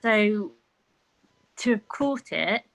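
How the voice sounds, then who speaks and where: A woman's voice: mid-range voice, lively intonation, drawn-out words, vocal fry, fairly bright tone, low-quality recording. A middle-aged woman, a podcast guest chatting casually and telling personal stories, acting out what others said. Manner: chatty, storytelling with acted-out quotes and laughs. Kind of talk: casual conversation.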